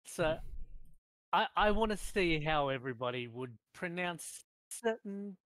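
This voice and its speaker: Man in a casual podcast chat, slightly higher voice, dry close mic. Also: animated, unhurried, a bit bright, dry recording.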